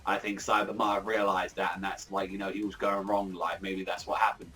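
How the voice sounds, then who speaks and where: A young man giving a casual manga review in a rambling, excitable, profane way, full of filler words. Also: sits low, brisk, soft background music.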